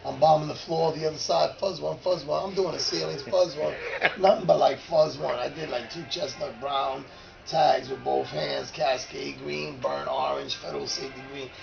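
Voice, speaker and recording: A man in his fifties, a former graffiti writer, telling an animated, profane story in casual street talk. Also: a little high, normal speed, lo-fi sound, music in the background. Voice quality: gravelly.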